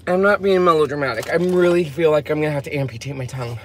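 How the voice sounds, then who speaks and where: A woman's voice: deep voice, fast, a little hiss or hum. A woman hosting a casual vlog from a car, melodramatic and complaining about a burning mouth. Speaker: vlog host. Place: inside a car.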